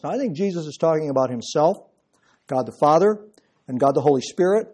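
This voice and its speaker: A man's voice: on the high side, lively intonation, a little fast, darkish tone. A man preaching an expository sermon and explaining verse by verse with emphatic stress. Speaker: pastor.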